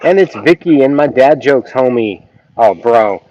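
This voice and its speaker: A man's voice: mid-range voice, expressive, a little slow, dark tone. A man hosting a casual live stream, rambling and full of ums as he greets viewers. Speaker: YouTube reaction channel host. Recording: dull lo-fi sound with faint noise.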